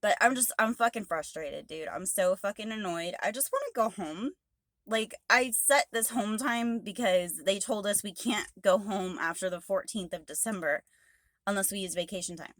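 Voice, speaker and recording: A woman's voice: mid-range voice, moderate pace, fairly bright tone, no room sound. A woman truck driver ranting angrily to camera, swearing heavily and exasperated. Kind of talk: angry rant to camera.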